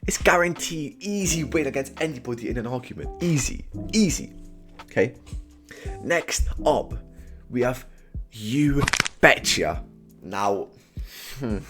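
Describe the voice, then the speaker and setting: A young British man ranking phrases in casual comedy commentary, full of slang and "bro", veering from low mumbles to sudden shouted verdicts. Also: measured pace, faint music behind. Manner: slangy and animated, keeps saying "bro", swings from mumbling to shouting. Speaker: tier list host.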